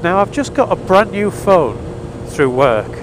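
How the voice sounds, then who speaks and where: Speaking high and sing-song at a measured pace, this man narrates a story from the seat of his motorcycle. He's a vlogger, wry and a little exasperated, chatting casually over plenty of background noise.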